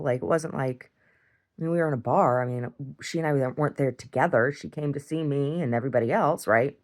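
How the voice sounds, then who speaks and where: A woman talking bluntly and profanely in a rambling diary monologue, with many restarts and small chuckles. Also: low voice. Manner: blunt and profane, full of restarts and "I don't know"; chuckles often. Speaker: video diarist.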